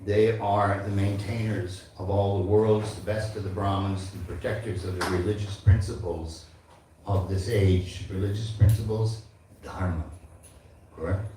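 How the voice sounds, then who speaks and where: A man's voice: low voice, fairly even intonation, a little slow, warm tone, slight background noise. A man in his seventies giving a devotional class, reciting verses and speaking to the audience. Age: 70s. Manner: recites Sanskrit verses and teaches with asides to the audience. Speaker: temple speaker. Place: large echoey temple hall. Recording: echoey hall from far off.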